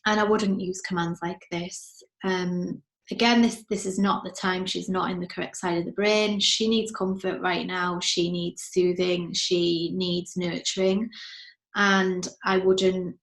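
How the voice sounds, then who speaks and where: A woman's voice: on the low side, level tone, measured pace. A woman, a parent coach, giving earnest commentary on show clips and acting out what a parent might say. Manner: earnest, acts out parent and child voices in quotes. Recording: echoey room.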